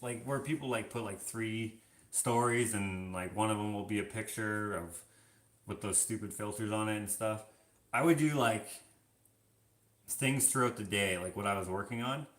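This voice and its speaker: A man's voice: lowish voice, fairly bright tone. A man chatting casually on a live stream, reading viewer comments aloud and answering with loose, filler-heavy talk. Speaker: vlogger answering viewer questions. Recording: roomy echo.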